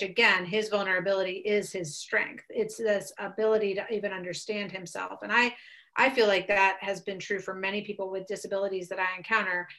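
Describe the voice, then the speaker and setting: Earnest woman speaker, thirties, bright voice, thoughtful pace. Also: medium pitch. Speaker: guest speaker. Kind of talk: webcast talk with Q and A.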